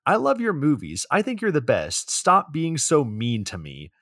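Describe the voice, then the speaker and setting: Obsessive clingy male fan, whiny and pleading, put on by a man, pitched up. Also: huge pitch swings, moderate pace, fairly bright tone, no room sound, clean studio sound, full character voice.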